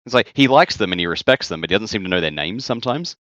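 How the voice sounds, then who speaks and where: Deep-voiced male co-host, easygoing book chat, on a dull, dry mic. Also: lively intonation, fast talker, fairly bright tone, no room sound. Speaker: podcast co-host. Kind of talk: casual book-discussion chat.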